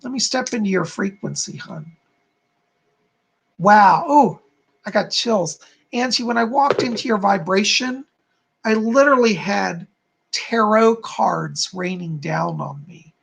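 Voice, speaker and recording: A man's voice: sits high, a little slow, vocal fry, a bit bright, a little hiss or hum. A man hosting a live-stream of psychic readings, speaking soothingly to viewers and calling them darling and hon. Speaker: psychic medium host.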